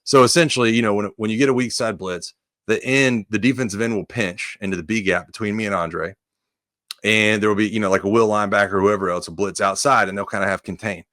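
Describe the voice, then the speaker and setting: A man's voice: lowish voice, fast, no echo, clean studio sound. A man, a former college offensive lineman, telling stories in a casual sports podcast chat, acting out quotes and saying "dude" often. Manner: animated storyteller, acts out quotes, says "dude" often.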